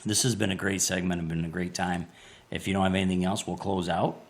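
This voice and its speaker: A man's voice: sits low, flat delivery, fast talker. A man hosting a podcast in casual chat, reacting with short interjections. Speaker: podcast host.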